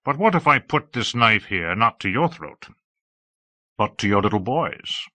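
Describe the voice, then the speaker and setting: A man voicing a bold, gruff male Norse raider chief in an audiobook reading, speaking deliberately. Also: on the low side, sing-song, sharp tone, dry recording, exaggerated voice. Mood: commanding.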